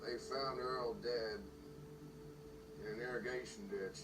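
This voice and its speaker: Actor playing a terse, gruff rancher. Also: male voice, medium pitch, steady tone, a little slow, heavy background noise, lightly acted. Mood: grim. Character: terse, guarded rancher man, gruff and tight-lipped. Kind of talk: film dialogue. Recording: distant film audio under loud music.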